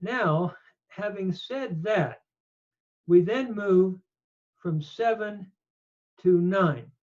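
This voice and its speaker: An older man teaching scripture in a slow lecture, reading Hebrew verses aloud and explaining each one with measured emphasis. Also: high voice, a little mellow. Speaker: Bible teacher. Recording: dull lo-fi recording.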